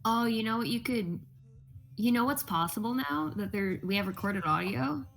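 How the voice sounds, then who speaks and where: A woman's voice: fairly high pitch, moderate pace, vocal fry, faint music behind. A woman acting as game master, chatting casually and teasing her players after a session over voice chat. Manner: teasing, laughing.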